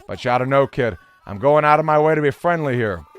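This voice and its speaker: A man's voice: medium pitch, animated, fast talker, clear, resonant tone, natural voice. A man voicing a short-tempered male mole with a put-on New York accent, lecturing in sarcastic tough-guy slang. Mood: scolding lecture.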